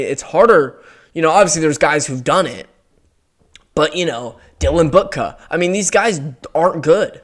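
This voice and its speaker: A young man with a slightly high voice delivers casual commentary as a heated rant. He swears freely and sounds fed up. His talk is exasperated and blunt throughout. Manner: heated, profane, exasperated ranting. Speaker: MMA commentary YouTuber.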